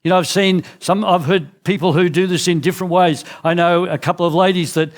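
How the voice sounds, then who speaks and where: A man's voice: fairly even intonation, a little fast. A middle-aged man with an Australian accent preaching a sermon in church, earnest, often restarting his phrases. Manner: earnest, with frequent restarts and drops in pitch. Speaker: pastor.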